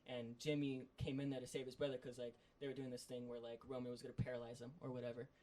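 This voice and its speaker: A man co-hosting a podcast, excitedly recapping a story in a loose, rambling way full of fillers. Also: mid-range voice, quick pace, slight background noise. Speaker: podcast co-host. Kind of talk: casual chat.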